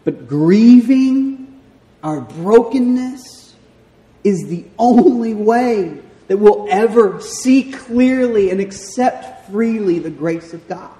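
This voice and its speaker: A young man with a Southern American accent, preaching a sermon in a church and telling stories about himself with a lively, self-mocking delivery. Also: sits high, slow pace. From Southern United States. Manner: animated storyteller, self-mocking, acts out voices. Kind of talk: sermon with personal story. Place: church sanctuary. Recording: echoey hall with long reverb.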